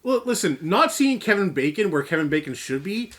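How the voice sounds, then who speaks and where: Man, from Canada, beer show co-host, jokey, fairly high voice, very lively intonation. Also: a little fast. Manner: animated, jokey, exaggerated reactions. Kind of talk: casual chat.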